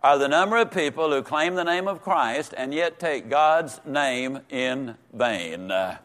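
A man teaching a Sunday school lesson in a folksy, emphatic way, slowing down and repeating words for stress. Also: medium pitch, expressive, a bit bright.

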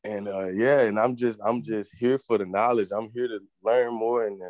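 A man's voice: lowish voice, steady tone, normal speed, a little mellow, dry recording. A man in his twenties introducing himself earnestly and politely as a new member of a coaching group. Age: 20s. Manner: earnest, polite, answers with yes sir. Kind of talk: eager self-introduction on a video call.

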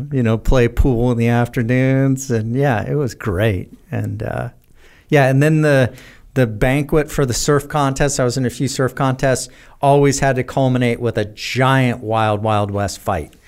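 An American man telling rambling, animated stories as a podcast guest, with many fillers. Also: medium pitch, a little slow, clean tone. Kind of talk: casual storytelling in a podcast interview.

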